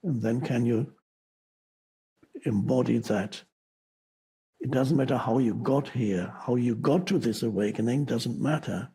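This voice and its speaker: A man giving a spiritual teaching talk, speaking slowly with pauses and halting restarts. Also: medium pitch, warm tone, breathy edge, poor audio.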